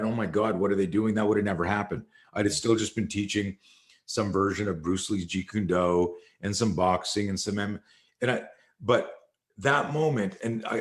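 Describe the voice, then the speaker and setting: A man, a martial arts instructor, telling a long story in an interview and acting out quoted dialogue. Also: lowish voice. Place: live video call.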